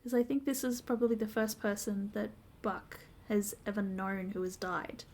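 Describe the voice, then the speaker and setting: A woman's voice: medium pitch, steady tone, moderate pace, a little mellow. A woman co-hosting a podcast, recapping a TV episode in a casual, detailed, step-by-step way with frequent ums. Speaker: podcast co-host.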